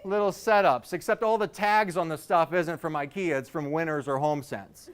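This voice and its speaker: A man's voice: fairly high pitch, normal speed, clean tone. A man in his thirties doing a stand-up set, telling loose, rambling stories with self-mocking asides. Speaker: stand-up comedian.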